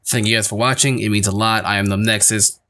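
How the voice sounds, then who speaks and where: A young man reviewing an anime in a casual video, excitable and swinging from loud, heated outbursts to low mutters. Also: quick pace.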